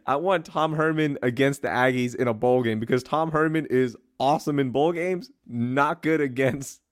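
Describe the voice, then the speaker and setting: A man's voice: mid-range voice, moderate pace, no room sound. Easygoing man co-hosting, dry close sound. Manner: easygoing, laughs often, promotes segments. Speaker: co-host. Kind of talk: casual sports chat.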